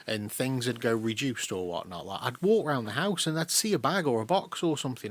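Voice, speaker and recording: A man's voice: mid-range voice, fast talker, few pauses, dry recording. A man telling a funny story on a casual podcast, sweary and laughing often, acting out other people's lines. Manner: animated, sweary, laughs often, acts out voices in anecdotes. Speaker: podcast co-host.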